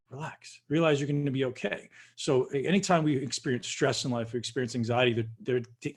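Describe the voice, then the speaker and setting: A man guest on a video call, calmly guiding listeners through a breathing practice and addressing them directly. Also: medium pitch, slightly rough. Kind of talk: coaching instruction.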